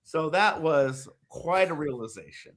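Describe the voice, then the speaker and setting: A man in his thirties, a podcast co-host chatting casually and acting out lively stories. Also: on the high side, a little slow. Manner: animated storyteller, acts out voices with shouts. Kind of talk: casual chat.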